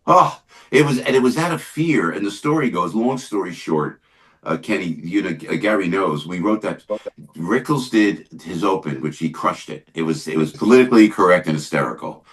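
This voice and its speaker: Older man telling lively comedy stories. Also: low-pitched, normal speed. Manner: animated, lots of yeahs and restarts. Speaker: guest, comedian. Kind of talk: casual chat, storytelling.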